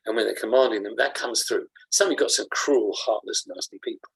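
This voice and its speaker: A man, a rabbi giving a Torah class, animated and jokey, acting out examples as he explains. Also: fairly low pitch, a little fast, breathy edge, rough recording.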